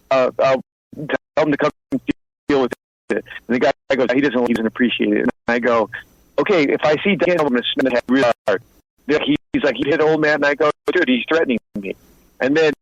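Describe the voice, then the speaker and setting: A man in his fifties spins blunt, streetwise stories in a relaxed interview, slipping into the voices of the people he quotes. His voice sits at an ordinary pitch, and the sound is dull and lo-fi with a dry, close feel. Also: no room sound. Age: 50s. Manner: streetwise, blunt, acts out both sides of quoted talk. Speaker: guest, former mobster turned informant and author. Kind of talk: casual interview storytelling.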